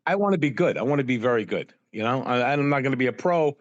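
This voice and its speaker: A man chatting as a podcast guest, spinning anecdotes in an animated, repetitive way with lots of "you know." His voice sits at an ordinary male pitch. The sound is dry and close, with almost no room around it. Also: quick pace, dry recording, lo-fi sound. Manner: animated storyteller, full of "you know" and acted-out quotes. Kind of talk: anecdotal interview chat.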